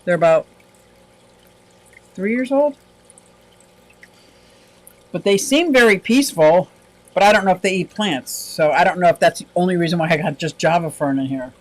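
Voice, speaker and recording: High-voiced chatty man on a livestream. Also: moderate pace, pauses often, low-quality recording. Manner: chatty and rambling, laughs often. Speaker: aquarium livestream host. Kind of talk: casual livestream chat reading viewer comments.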